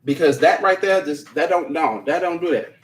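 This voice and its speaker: Man, livestream host, casual chat, blunt, emphatic, repeats himself, swears, slightly high voice. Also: moderate pace. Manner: apologetic after ranting. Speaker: livestream host reading viewer comments.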